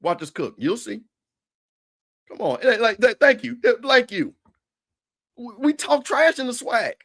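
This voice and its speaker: High-voiced man talking trash. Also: measured pace. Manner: animated, repetitive, teasing. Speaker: show co-host. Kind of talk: casual trash-talk commentary.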